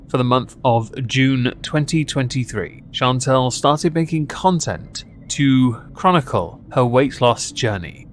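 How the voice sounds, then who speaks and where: A man narrates a commentary video in a dry, mocking tone. His voice sits at an ordinary middle pitch. A faint ambient hiss runs underneath. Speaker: commentary host.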